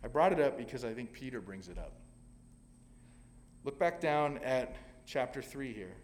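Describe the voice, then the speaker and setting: A man's voice: mid-range voice, expressive, normal speed, big-room sound. A male pastor preaching a sermon, telling a scripture story dramatically with sudden swells of emphasis.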